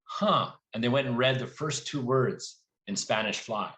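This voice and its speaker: A man speaking as an author guest at a live library event, telling lively anecdotes and voicing quoted lines along the way. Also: mid-range voice, normal speed.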